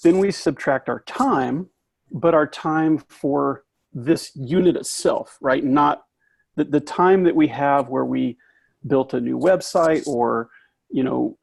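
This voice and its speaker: A man coaching a craft seller on pricing, explaining step by step in a casual, halting way with many restarts. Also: medium pitch, creaky, a little mellow, husky, dry recording. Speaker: business coach interviewing a maker.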